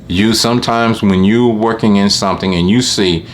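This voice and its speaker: A man's voice: on the low side, moderate pace, slight background noise. A man who runs a lawn care business, telling a rambling story to camera and often repeating what he said.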